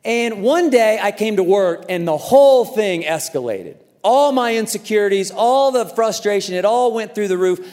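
A man preaching a sermon as a pastor, telling a story in an animated way and acting out the voices in it. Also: high-pitched, moderate pace, few pauses, long reverb tail. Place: large church auditorium.

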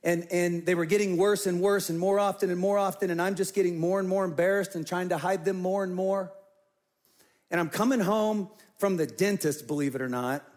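A man's voice: high-pitched, fairly even intonation, a little fast, darkish tone. A middle-aged man, a pastor, telling an earnest personal story in a sermon and acting out his own past words.

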